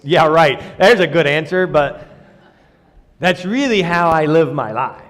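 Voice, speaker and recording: A man delivers a sermon in a church with a high, bright voice that swings widely up and down. He keeps it conversational and joking with the congregation, and a long reverb from the church hall trails every phrase. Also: animated, a little slow. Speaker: preacher. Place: church sanctuary.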